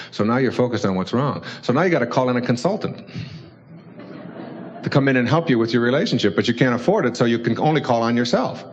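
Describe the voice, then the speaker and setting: A man's voice: medium pitch, lively intonation, quick pace. A man, an author, giving a casual motivational talk, chuckling often and acting out little dialogues. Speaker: author and speaker. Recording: dull lo-fi recording.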